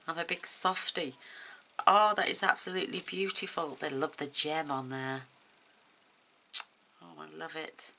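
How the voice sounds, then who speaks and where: A woman's voice: sits low, fairly even intonation, measured pace, pauses often, sharp tone. A woman vlogger chatting to camera as she opens craft gifts, gushing and emotional, tearful at times. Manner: gushing and emotional, exclaiming over each item. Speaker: crafting vlogger opening happy mail. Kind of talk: casual chat to camera.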